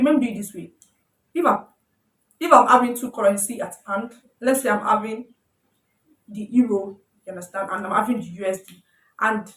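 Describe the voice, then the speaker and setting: A woman talks through a beginner's lesson, stopping to check that listeners follow and fixing her own words as she goes. Her voice sits at an everyday middle pitch. It sounds roomy and a little distant from the microphone. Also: fairly bright tone. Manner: repeats "you understand?", corrects herself often. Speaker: forex trading teacher. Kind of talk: informal tutorial explaining slides. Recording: roomy sound, voice away from the mic.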